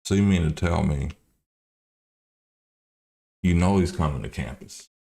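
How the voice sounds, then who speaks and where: A man's voice: low voice, unhurried, creaky, long pauses, warm tone. A man in his thirties hosting a livestream, talking bluntly and profanely in rambling commentary. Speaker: livestream host.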